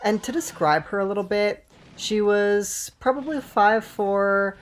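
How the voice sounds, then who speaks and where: A man in his twenties with a high voice tells a rambling story full of swearing as he plays a game, speaking a little slowly. He often stops to chat with viewers in this laid-back gameplay storytime.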